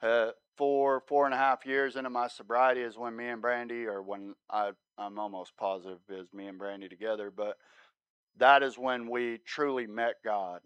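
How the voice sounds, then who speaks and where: Smooth-voiced man telling his testimony. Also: mid-range voice, fairly even intonation, normal speed, fairly bright tone, dry recording. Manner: conversational storytelling, often asks "right?". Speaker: guest speaker sharing his testimony. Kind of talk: sermon testimony.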